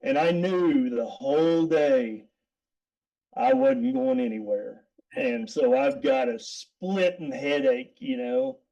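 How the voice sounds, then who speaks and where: A man's voice: on the high side, sing-song, takes it slowly, vocal fry, warm tone, lo-fi sound. A middle-aged man, a guest, telling a story casually, rambling with repeated words and frequent laughs.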